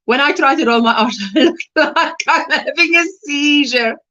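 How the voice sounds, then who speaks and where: A woman's voice: high-pitched, normal speed, bright, forceful tone, lo-fi sound. A South African woman hosting a casual crochet livestream, chatting and laughing as she reads out viewer comments.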